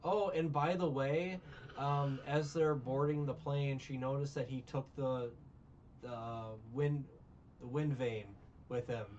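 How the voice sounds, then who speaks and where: A man's voice: mid-range voice, fairly even intonation, slow, darkish tone, distant mic, lo-fi sound, slight background noise. A man recapping a film in casual chat, rambling and sarcastic, with many restarts. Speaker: podcast co-host recapping a film.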